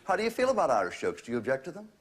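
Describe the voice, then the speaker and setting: A man, hosting a stand-up routine and mocking his targets in quick runs that build to punchlines. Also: a little high, wildly swooping pitch. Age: 60s. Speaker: comedian host. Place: TV studio with a live audience. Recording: loud audience laughter behind. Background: audience laughter.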